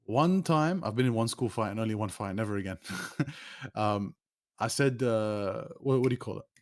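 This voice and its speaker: A man, a streamer telling rambling, animated stories as an interview guest. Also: normal speed. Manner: animated, rambling, with sudden pitch jumps. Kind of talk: casual storytelling.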